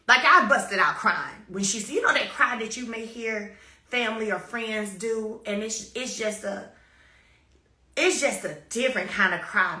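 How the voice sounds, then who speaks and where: A woman's voice: medium pitch, pushed and bright, roomy sound. A woman shares a personal story with her followers in an emphatic, repetitive way, with sudden bursts of energy. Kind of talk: casual spoken testimony to followers.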